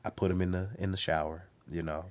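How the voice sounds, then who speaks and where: Talking fast in a low voice, a young comedian appearing as a guest spins a story in casual chat. He is animated and performs the quoted voices of each character.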